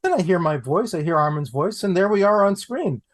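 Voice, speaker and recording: A man, an actor guest on a podcast, telling anecdotes in an animated way, repeating phrases for comic effect. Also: high-pitched, brisk. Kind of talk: anecdotal storytelling.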